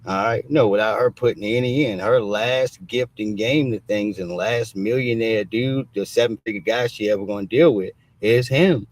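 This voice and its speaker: A man's voice: lowish voice, moderate pace, hardly any pauses. A man hosting a livestream, giving blunt, casual commentary full of street slang and swearing, and he keeps saying "all right". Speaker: show host. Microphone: streaming mic.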